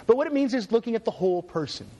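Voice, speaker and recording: A man's voice: very high-pitched, animated, very fast, warm tone. A middle-aged man giving a university lecture, sarcastic and full of joking asides. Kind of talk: classroom lecture.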